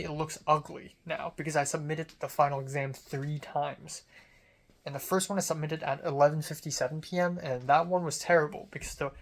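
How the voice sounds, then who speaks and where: A young adult student vlogger in a casual venting monologue, rambling, self-critical and swearing freely. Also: mid-range voice.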